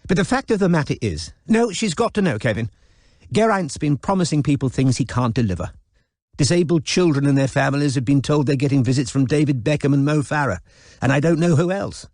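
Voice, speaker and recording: Guy putting on cross old lady, blunt, high and lively. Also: a little fast, dry recording, studio quality. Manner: blunt, insistent. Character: elderly irate woman, brisk and blunt.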